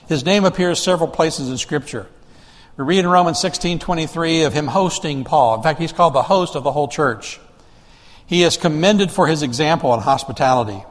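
Heard in a big-sounding room, a male pastor with a medium-pitched voice delivers a sermon in a chatty manner. He keeps restarting sentences and throws rhetorical questions at the congregation.

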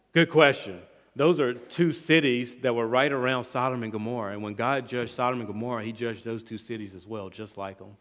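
A man preaching an expository sermon, emphatic, with swings between loud and quiet passages. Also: mid-range voice, moderate pace. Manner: emphatic, rising and falling in volume, restarts words. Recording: long reverb of a large hall.

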